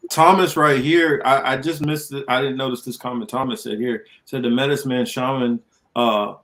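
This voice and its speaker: A man's voice: medium pitch, steady tone, normal speed, a bit bright. A man co-hosting a political podcast, talking in a loose, rambling way and reading viewer comments aloud. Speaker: co-host. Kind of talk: casual political podcast chat.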